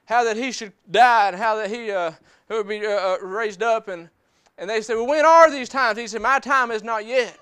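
A man's voice: sits high, normal speed, hardly any pauses, a bit bright, clear, resonant tone. A man preaching a sermon in church, mixing personal testimony with scripture in plainspoken, folksy speech that repeats phrases for emphasis. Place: church service.

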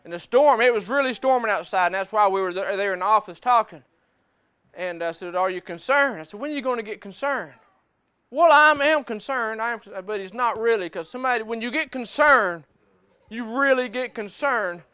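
A man's voice: sits high, animated, a little fast, pushed and bright, clear, resonant tone. A man preaching a sermon in church, mixing personal testimony with scripture in plainspoken, folksy speech that repeats phrases for emphasis. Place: church service.

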